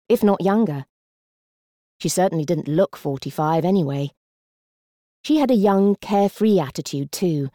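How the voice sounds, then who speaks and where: A woman narrates an audiobook with a low, mellow voice and measured delivery. The sound is dry and close to the mic. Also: dry recording.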